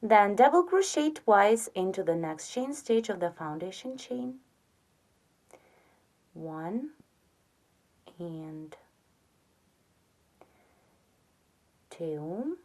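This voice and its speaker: A woman giving a step-by-step crochet tutorial, patiently counting stitches aloud and softly trailing off on the counts. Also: mid-range voice, lively intonation, moderate pace, hardly any pauses. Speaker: crochet instructor.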